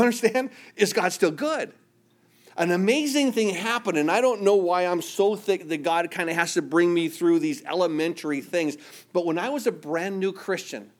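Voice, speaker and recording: A man preaching a sermon earnestly, his voice dropping soft for quoted prayers. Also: sits high. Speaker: pastor.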